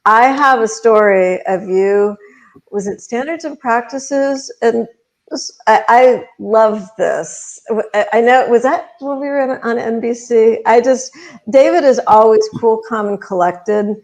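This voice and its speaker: A woman who leads a pageant organization, chatting on a video panel in a halting way, often laughing and thanking people. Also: a little high, darkish tone. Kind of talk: casual video panel chat.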